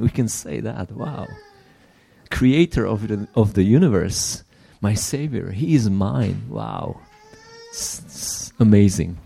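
This preacher has a fairly low, creaky voice and gives his sermon in English, not his first language. He's earnest, restarts often, and lowers his voice for hushed asides.

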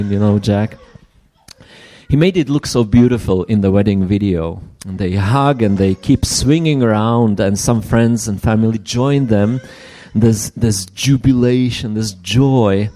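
A man preaching a sermon in English, which is not his first language. He speaks earnestly, often restarts, and drops to hushed asides. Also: on the low side.

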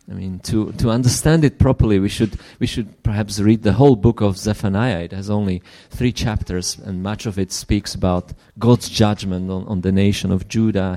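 With a voice on the low side, a non-native English speaker preaches earnestly, repeatedly restarting his phrases and dropping to whispered asides.

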